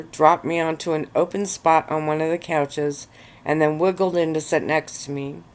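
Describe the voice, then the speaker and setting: Low-voiced woman, ASMR story reading. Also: clear, resonant tone. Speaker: narrator. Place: bed with pillows at home.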